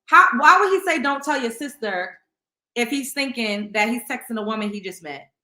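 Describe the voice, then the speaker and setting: A woman host reads text messages aloud and reacts in a blunt, profane, exasperated way. Her voice is bright and pitched a little high, and it rings in an echoey room. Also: very animated, a little fast. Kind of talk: commentary reading text messages.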